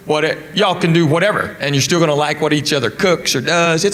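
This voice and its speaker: High-voiced middle-aged man doing stand-up. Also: a little fast, hardly any pauses, fairly bright tone. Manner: drawling, conversational storytelling with crowd asides. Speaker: stand-up comedian. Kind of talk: stand-up comedy routine. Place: comedy club stage with a live audience. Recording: live club recording with audience noise.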